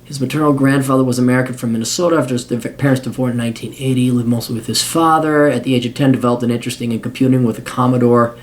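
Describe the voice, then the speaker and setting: Male host, mid-pitched, reading with sarcastic, profane asides. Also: fairly even intonation, racing, hardly any pauses. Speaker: podcast host. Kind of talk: reading a biography aloud with commentary.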